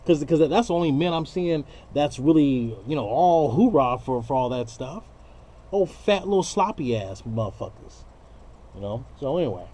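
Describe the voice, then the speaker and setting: Male vlogger, raw unscripted rant, cursing a lot, lively swooping pitch, higher-set voice. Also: normal speed, a little hiss or hum. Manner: profane, blunt, preachy, slangy.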